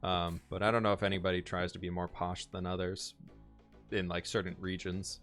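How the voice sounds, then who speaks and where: Guy streaming a game, lowish voice, rambly chatty vibe, bit of music way in the back. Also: little pitch movement, normal speed, a bit bright. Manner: chatty, thinks aloud, answers chat. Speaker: live streamer. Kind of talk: casual live-stream chat while building in a game.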